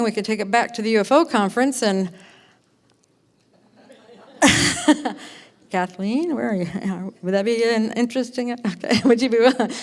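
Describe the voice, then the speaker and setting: A woman introducing a speaker to a conference audience, talking in an excited, rambling way with many fillers and restarts. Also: on the high side. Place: conference hall, in front of an audience.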